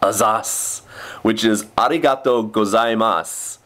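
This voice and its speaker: A young man with a fairly low voice rambles through a casual vlog about his day teaching English. He talks loosely, full of fillers and little asides. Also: moderate pace. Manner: chatty, with many fillers and quoted kid voices.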